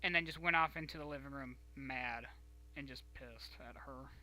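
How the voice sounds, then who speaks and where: Stream host, young man, bright and forward voice, halting and rambling delivery. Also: medium pitch, low-quality recording. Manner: rambling, halting storytelling with many restarts. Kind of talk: casual chat.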